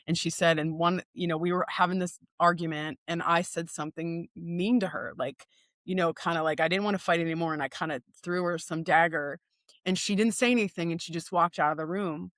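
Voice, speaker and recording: A woman's voice: on the low side, a little fast, a bit bright, no echo. Earnest woman telling stories, dry sound. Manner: earnest storytelling with frequent restarts. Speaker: guest speaker. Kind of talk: conversational podcast chat.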